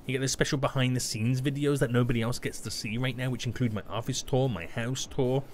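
A young British man giving live commentary while playing a game, excitable and prone to sudden loud yelps and shouts. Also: mid-range voice, fairly quick, slight background noise. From Britain. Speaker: gaming YouTuber.

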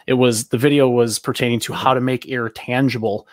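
A man hosts a podcast in a relaxed, chatty way, with a few fillers. His voice sits at a middle pitch and is recorded dry, with little room sound. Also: brisk, no echo. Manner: casual, filler-heavy, upbeat wrap-up. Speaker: podcast host. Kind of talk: podcast interview.

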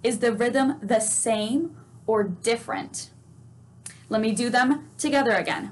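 A woman's voice: on the high side, unhurried. A woman teaching a children's music lesson, patient and encouraging, asking questions and singing and chanting examples. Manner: sings note names and chants.

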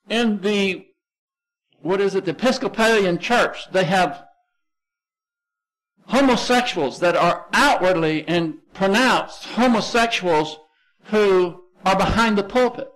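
High-voiced Texan man preaching. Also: a bit bright, low-quality recording. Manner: emphatic, conversational preaching with slow stressed phrases. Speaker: pastor. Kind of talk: sermon.

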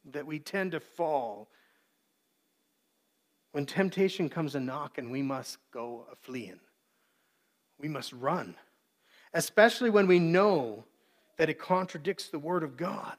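A man's voice: fairly high pitch, lively intonation, slow, pauses often. A man preaching a sermon as pastor, earnest, briefly acting out the voices he quotes.

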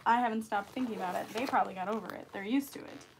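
A woman's voice: medium pitch, racing, background noise. A young woman chatting casually on a sewing livestream, reading out viewer comments as she works. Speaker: bag maker hosting a sewing livestream.

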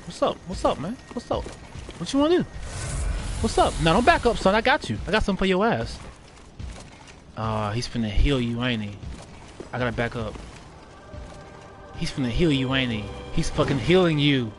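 A man's voice: on the high side, animated, normal speed, pauses often, faint music behind. A man doing live gameplay commentary, trash-talking and cursing at enemies while he plays. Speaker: gaming streamer.

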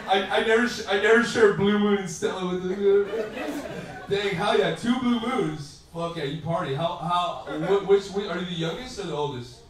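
A man's voice: sits high, measured pace, a little hiss or hum. A man doing stand-up crowd work on a comedy club stage, profane and rambling, often laughing mid-sentence. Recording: far-off roomy club recording with crowd. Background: audience laughter.

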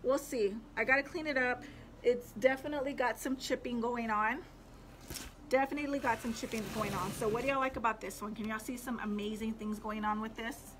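A young woman with a drawl chats with her live-stream viewers, wandering from thought to thought with plenty of fillers. Her voice sits slightly high. The home recording carries a steady, noticeable background noise. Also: a little fast, poor audio. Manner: chatty, talks to viewers, rambling with fillers. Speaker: livestream host showing thrift finds. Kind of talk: casual live-stream chat.

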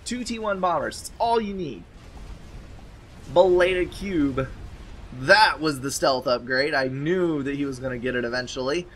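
Male game caster, slightly high voice, wry commentary, faint hiss. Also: measured pace, fairly bright tone.

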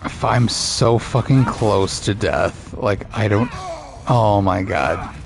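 Gravelly, cursing gaming dad. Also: male voice, fairly low pitch, slow, noisy background. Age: adult father. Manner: profane, frustrated ranting at the game. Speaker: gaming channel host. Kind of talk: let's play commentary.

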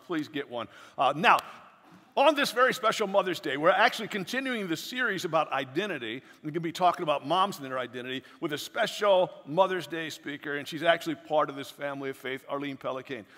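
A man's voice: fairly high pitch, lively intonation, fairly quick, bright, forceful tone. A male pastor gives informal announcements and introduces a guest speaker, often restarting his words. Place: church sanctuary. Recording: long hall reverb of a church.

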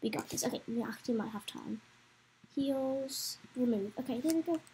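Young woman, high voice, chatty let's-play commentator, excitable. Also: normal speed, a little hiss or hum, rough recording. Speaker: gameplay commentator.

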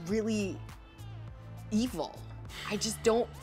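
A woman's voice: medium pitch, darkish tone, soft background music. A woman hosting a casual chat, upbeat and asking her guest questions. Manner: upbeat, asks questions, quick to agree. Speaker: host.

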